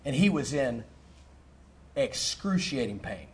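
Animated pastor telling a story. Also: male voice, mid-range voice, slow. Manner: animated, repeats himself, lots of fillers. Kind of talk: storytelling sermon.

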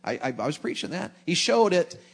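A middle-aged man, preaching a sermon with folksy, animated humor. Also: a little high, a little fast, slightly rough.

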